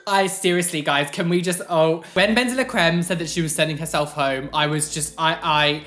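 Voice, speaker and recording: A man in his twenties from England with a fairly high, camp voice, chatting animatedly through viewer questions in a casual vlog. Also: normal speed. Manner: chatty and animated, lots of fillers. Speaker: vlogger answering viewer questions. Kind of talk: casual Q&A chat.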